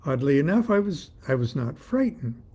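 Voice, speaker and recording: A man's voice: a little high, big pitch swings, moderate pace, a little mellow, slightly rough. An author reading his own story aloud, in a dry, wry storytelling manner.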